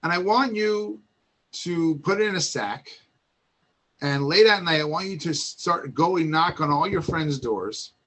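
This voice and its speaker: A man voicing a wise older father calmly instructing his son in a retold Torah story. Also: a little high, a little slow. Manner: calm, instructive.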